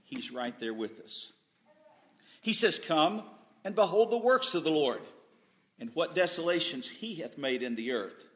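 Slow preacher guy, kinda high voice, big swings loud to hushed, stammers and restarts, echoey church room. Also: animated. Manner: swings from loud emphatic peaks to quiet, low asides, with repeated stammered restarts. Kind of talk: sermon.

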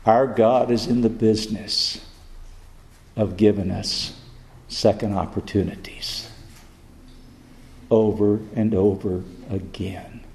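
A man preaching a sermon, building to fervent, high-pitched climaxes. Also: steady tone, slow, pauses often, darkish tone. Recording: echoey hall.

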